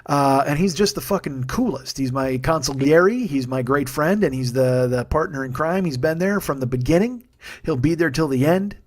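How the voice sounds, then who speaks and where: Male podcast comic in his forties, slightly high voice, heated profane rant, rambling with fillers. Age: 40s. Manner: fast, rambling plugs with fillers. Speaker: podcast host. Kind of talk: solo comedy podcast rant.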